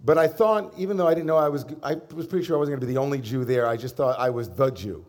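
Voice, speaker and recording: A middle-aged man preaches as a rabbi, easing into his sermon through a relaxed personal story. His delivery is conversational and lightly humorous, with a voice of middling pitch. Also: fast talker.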